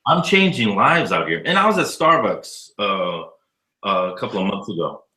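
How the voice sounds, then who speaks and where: A man in his fifties, an educator living abroad, telling stories in a casual, profane, animated way during an interview. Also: lowish voice, moderate pace, reverberant, rough recording. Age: 50s. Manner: animated, profane storyteller acting out dialogue.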